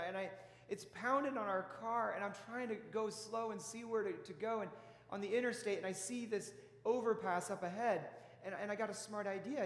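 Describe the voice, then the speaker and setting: A pastor with a high voice for a man preaches in a folksy, chatty way, stumbling and restarting as he tells his stories. His words ring out through a roomy church hall with a long reverb. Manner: folksy storytelling with frequent restarts. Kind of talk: conversational sermon.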